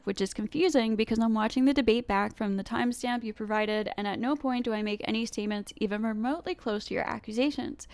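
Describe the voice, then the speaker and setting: A woman with a stuffy nose reading viewer comments aloud and giving her own measured replies, with fillers and pauses. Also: fairly high pitch, smooth, no echo. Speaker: commentary video host.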